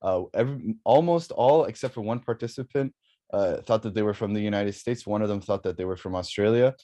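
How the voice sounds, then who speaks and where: A man's voice: fairly low pitch, brisk, mellow. A young man, an undergraduate student, giving a research presentation, hesitant with many fillers, restarts and apologies. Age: young adult.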